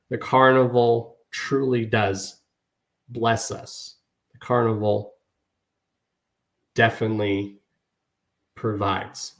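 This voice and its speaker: A man's voice: fairly low pitch, flat delivery, slow pace, vocal fry, long pauses, a bit bright. A man hosting his podcast, speaking earnestly and emotionally to his listeners, often repeating "y'all". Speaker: podcast host. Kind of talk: heartfelt podcast monologue.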